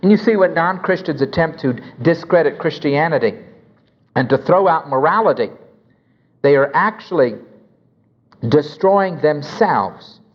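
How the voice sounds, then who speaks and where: Guy giving an apologetics lecture, lively swooping pitch, dull recording, long hall echo. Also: unhurried. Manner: emphatic, anecdotal, acts out dialogue.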